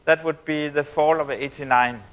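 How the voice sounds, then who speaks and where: A man voicing a bold young woman of twenty-three in a story he tells, slightly higher than his own voice, with teasing pauses. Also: steady tone, natural voice, rough recording.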